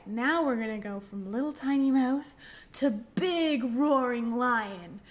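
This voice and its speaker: A woman leading a children's library storytime, talking gently and singing nursery songs in a slow, sing-song way. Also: sits high. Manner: soft whispered singing.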